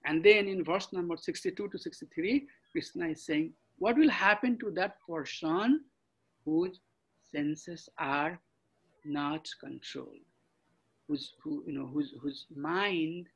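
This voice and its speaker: Husky-voiced man teaching scripture online. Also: fairly high pitch, highs cut off. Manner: halting, many fillers and restarts. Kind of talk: online scripture class lecture. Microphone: computer mic on a video call.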